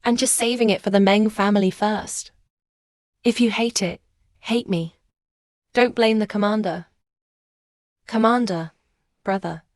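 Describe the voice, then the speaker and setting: A woman's voice: medium pitch, darkish tone, no echo, clean studio sound, natural voice. A woman voicing a young pregnant mistress who talks in a whiny, falsely sweet way.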